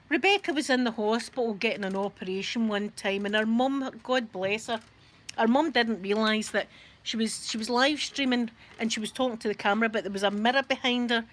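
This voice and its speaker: A Scottish woman chatting casually to a live audience from her rocking chair at home, rambling and laughing often. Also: medium pitch. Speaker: YouTube live streamer.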